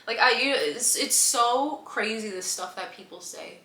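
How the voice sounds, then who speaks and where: A woman's voice: on the high side, lively intonation, unhurried, vocal fry, sharp tone. A woman vlogger telling stories casually to the camera, chatty and full of fillers, laughing often. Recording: echoey room with faint background hum.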